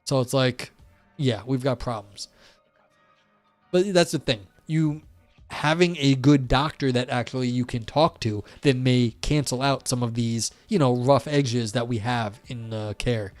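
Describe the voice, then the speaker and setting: A man's voice: medium pitch, measured pace, dry recording, soft background music. A man talking casually on a livestream, rambling and blunt, calling himself a curmudgeon while reading chat.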